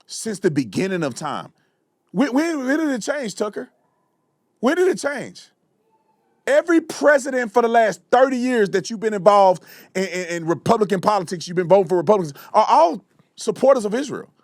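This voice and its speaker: A man with a strikingly high voice that swings widely up and down gives heated reaction commentary. He rants and repeats himself in casual slang. The sound is close and dry. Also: big pitch swings, normal speed, dry recording. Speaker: political commentary host.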